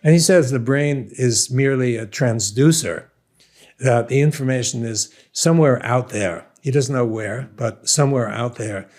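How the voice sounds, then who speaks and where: A man's voice: medium pitch, moderate pace, darkish tone. An older man with a Brooklyn accent, a scientist guest talking through ideas in an interview, thoughtful and self-deprecating. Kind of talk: conversational interview.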